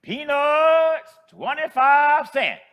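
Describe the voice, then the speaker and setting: A man voicing a tiny, hunched old woman selling peanuts, who calls out slowly and loudly. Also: lively intonation, muffled recording, exaggerated voice. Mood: calling out. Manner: calling out loudly in a slow high cry.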